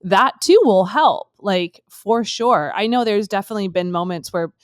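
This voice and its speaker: A woman in her thirties co-hosting a casual faith podcast, thoughtful and full of "like", slowing down to stress her points. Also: medium pitch, dry recording, studio quality. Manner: thoughtful, many "like" fillers, slows down on key points. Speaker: co-host.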